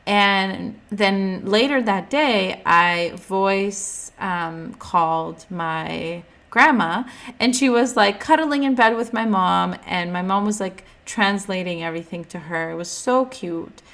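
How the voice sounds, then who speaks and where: A young woman talks through a casual podcast monologue. She is candid and chatty, fills her speech with "like", and turns animated whenever she quotes someone else. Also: fairly low pitch. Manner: candid and chatty, heavy use of "like", animated when quoting others. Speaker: podcast host.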